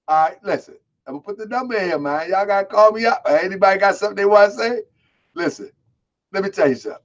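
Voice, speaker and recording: A man from Baltimore hosting a live online show, talking loud, boisterous and streetwise, calling people out. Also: high voice, lively intonation, fast talker, lo-fi sound. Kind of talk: casual live-stream talk.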